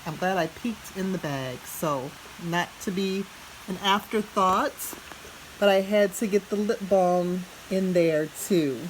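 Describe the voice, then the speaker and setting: A woman vlogging as she unboxes a gift at home, talking softly and gushing with gratitude. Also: lowish voice, slight background noise. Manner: slow, soft-spoken and gushing with gratitude. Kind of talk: casual unboxing narration.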